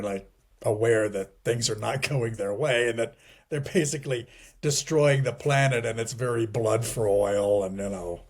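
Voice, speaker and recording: A middle-aged man being interviewed, talking casually with many restarts and wry chuckles at grim points. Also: medium pitch. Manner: rambling, digressive, frequent restarts and "you know". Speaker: guest.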